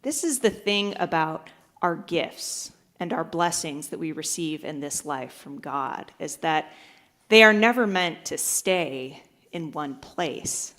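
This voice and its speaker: A woman's voice: deep voice, lively intonation, takes it slowly, a bit bright. A woman pastor giving a sermon, telling a joke with acted-out voices and then preaching. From United States. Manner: storytelling, acts out voices in a joke.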